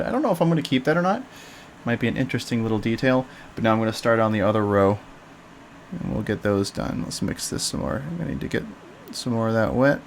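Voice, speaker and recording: A man hosts a laid-back painting stream, his voice carrying a light rasp of fry. He coaches softly and calmly, at an ordinary pitch for a man. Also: a little hiss or hum. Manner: soft, calm, coaching tone. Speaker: live-streaming miniature painter. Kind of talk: relaxed painting tutorial on a live stream.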